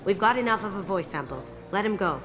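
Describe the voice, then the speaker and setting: A woman's voice: medium pitch, expressive, quick pace, a bit bright, natural voice. An actress voicing a playful female master thief, cool and teasing in manner. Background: game music.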